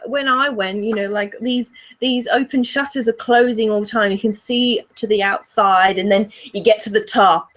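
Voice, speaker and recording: A woman's voice: medium pitch, fairly even intonation, normal speed, hardly any pauses, fairly bright tone. Giggly young woman podcast co-host. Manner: giggly, rambling, trails off mid-thought. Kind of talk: casual chat.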